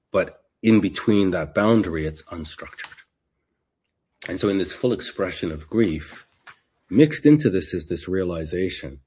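A man giving an unhurried Bible teaching, often repeating and restarting his phrases. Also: sits low, darkish tone, husky, highs cut off.

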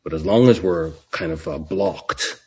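A man with a very deep, husky voice walks through scripture in an unhurried teaching manner, circling back and repeating his words as he goes. The recording is dull and lo-fi. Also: a little mellow. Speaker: Bible teacher. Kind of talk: expository Bible teaching.

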